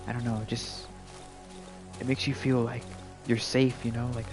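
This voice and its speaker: A man streams a game live with game music behind him, giving casual, laid-back gameplay commentary full of "like" and "you know." His mid-range voice keeps a level tone at a moderate pace.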